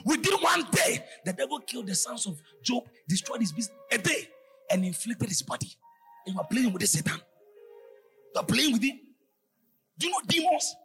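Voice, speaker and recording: A male preacher delivers a fervent sermon, shouting often and lilting into a sing-song rhythm. His voice sits high and sounds bright and forceful. Faint music plays under him. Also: big pitch swings, brisk, pauses often.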